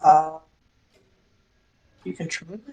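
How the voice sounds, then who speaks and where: A mid-pitched game master running a tabletop game. The speech is hesitant and halting, with many fillers and restarts. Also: little pitch movement, creaky, darkish tone. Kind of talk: casual tabletop game chat.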